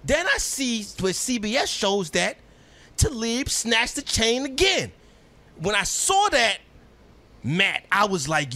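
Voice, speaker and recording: Brief: male sports talker, high bright voice, animated, slangy, emphatic delivery. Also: slow. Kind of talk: casual sports talk.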